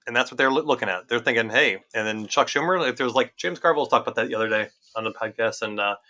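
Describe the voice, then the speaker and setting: A man co-hosting a casual political podcast, talking fast and animated, repeating phrases for emphasis. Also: medium pitch. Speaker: podcast co-host.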